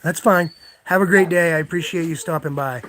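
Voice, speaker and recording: A man's voice: on the high side, steady tone, fairly quick, fairly bright tone, a little hiss or hum. A man hosting a live stream, rambling as he answers chat comments one by one and thanking his viewers again and again in a casual, earnest way.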